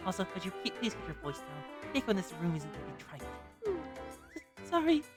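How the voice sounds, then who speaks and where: A woman's voice: lowish voice, very animated, fairly quick, loud music behind the voice, voice pushed down. A woman voicing a timid young female librarian who speaks in a hesitant, mumbling voice. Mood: hushed wary.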